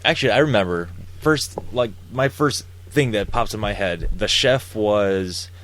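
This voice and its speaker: A man co-hosting a podcast, chatting casually in an easygoing, halting way. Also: on the low side, a bit bright, slight background noise. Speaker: podcast co-host. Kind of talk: casual chat.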